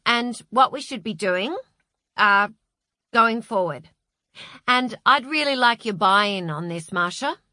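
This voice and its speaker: Woman putting on a confident corporate woman, assertive, bright, unhurried. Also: fairly high pitch, animated, dry recording, pitched above the performer's own voice, heavily acted. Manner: poised, assertive, jargon-heavy.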